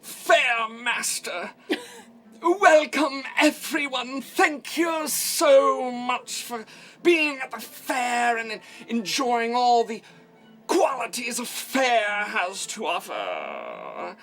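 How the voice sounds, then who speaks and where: A man voicing a fussy, flustered male fair master who greets a crowd in a high, exaggerated tone. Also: sing-song, very slow, a bit bright, soft background music, exaggerated voice. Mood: grandly welcoming.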